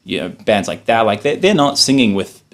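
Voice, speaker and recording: A man's voice: lowish voice, moderate pace. A man from New Zealand, a podcast guest talking casually and expressively, swearing freely. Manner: animated and expressive, swears freely, talks in long run-on stretches. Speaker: podcast guest, filmmaker and musician. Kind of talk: casual chat.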